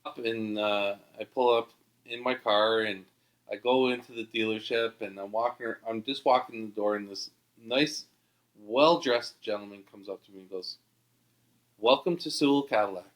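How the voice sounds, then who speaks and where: Animated Canadian-born man telling a story. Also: fairly low pitch, normal speed. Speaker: podcast guest. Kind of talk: storytelling anecdote.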